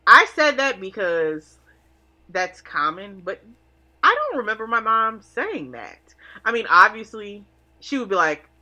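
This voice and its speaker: Very bright-voiced woman chatting wryly. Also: mid-range voice, big pitch swings, unhurried. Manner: wry, joking, quotes her mom. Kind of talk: casual chat.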